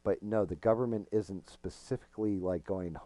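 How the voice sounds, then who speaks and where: A middle-aged man chats loosely through a game stream, frank and rambling, with casual swearing. His voice sits very low and sounds mellow and dark. It comes across close and dry, with no room sound. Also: fairly even intonation, normal speed, no room sound. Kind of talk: casual gaming stream chat.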